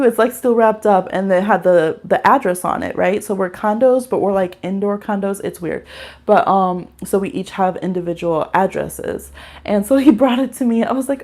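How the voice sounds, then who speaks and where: Animated young woman livestreaming from her phone. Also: medium pitch, normal speed. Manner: animated storytelling, addresses viewers as y'all. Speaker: tarot reader hosting a livestream. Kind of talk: casual livestream chat.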